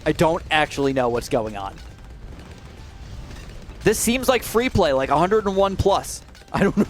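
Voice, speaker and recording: Excitable male gamer with lively pitch. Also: moderate pace, pauses often, slight background noise. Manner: swings from mutters to high shouts of alarm. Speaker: gaming commentator. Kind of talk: excited gameplay commentary.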